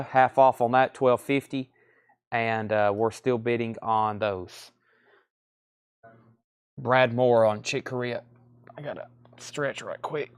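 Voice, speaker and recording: A man's voice: medium pitch, clean tone. Southern man calling a live record sale. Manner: brisk list-reading of prices, joking asides. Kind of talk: live-stream auction calling.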